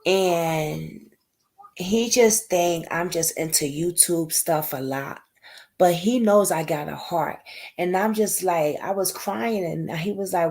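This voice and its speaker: A woman's voice: on the low side, slow, gravelly, darkish tone. A woman hosting a casual livestream chat, talking emotionally and in a rambling way, greeting viewers by name. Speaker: livestream host.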